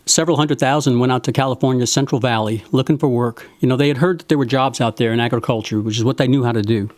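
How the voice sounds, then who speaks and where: A man's voice: medium pitch, fairly even intonation, fast, a little mellow, no room sound. A man hosting a virtual house concert, telling the stories behind his songs in a folksy, earnest way with some tongue-in-cheek humor. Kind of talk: spoken song introductions. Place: home, live-streamed concert.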